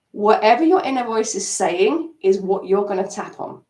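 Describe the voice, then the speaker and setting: A woman coaching an EFT tapping session on a live stream, animated and acting out her inner self-talk. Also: mid-range voice, moderate pace. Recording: roomy sound, mic at a distance.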